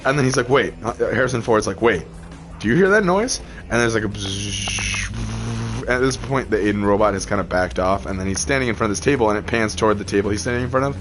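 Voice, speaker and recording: A man's voice: lowish voice, very fast, hardly any pauses, music in the background. A man chatting casually over gameplay, rambling through a story with lots of fillers and laughs. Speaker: gaming channel host.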